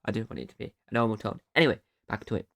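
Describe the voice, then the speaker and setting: A man's voice: fairly low pitch, animated, racing, vocal fry, dry recording, clean studio sound. A man hosting his own podcast, recapping an episode in a casual, rambling way and often correcting himself mid-sentence. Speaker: podcast host.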